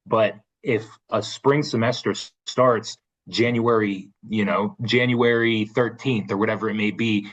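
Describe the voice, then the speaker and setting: A man's voice: fairly low pitch, fairly bright tone, slightly rough. A man co-hosting a casual sports podcast, thoughtful and hedging, often restarting his sentences. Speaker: podcast co-host. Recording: dull lo-fi sound.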